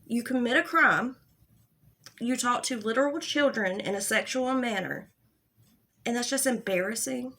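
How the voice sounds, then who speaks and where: A young woman with a fairly high voice rants in an exasperated, sarcastic commentary. She swears freely and sounds fed up. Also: normal speed, long pauses, bright, forceful tone. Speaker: commentary YouTuber. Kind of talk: angry commentary rant.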